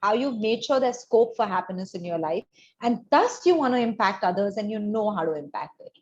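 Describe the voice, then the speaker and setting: A woman's voice: medium pitch, animated, a little fast. A woman counseling a student on an admissions essay over a video call, in a reflective way that builds on vivid example stories. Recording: dull, lo-fi video call audio.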